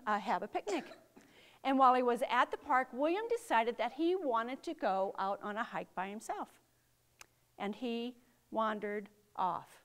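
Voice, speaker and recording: A middle-aged woman with a fairly high, fairly bright voice walks young children through safety rules. She speaks slowly, stresses her words, and poses many questions to them.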